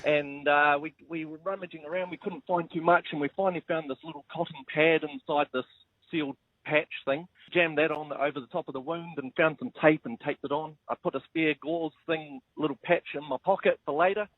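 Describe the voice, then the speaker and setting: A man's voice: fairly high pitch, fairly even intonation, fairly quick, dry recording. A man calling in to a radio show, casually telling a funny story and chuckling as he goes. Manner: chuckles through his story. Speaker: radio caller. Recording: dull phone-line audio.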